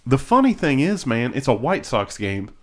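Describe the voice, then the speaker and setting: A podcast co-host tells rambling stories in casual chat, often laughing and restarting his sentences. He has a medium-pitched, sing-song voice at normal speed.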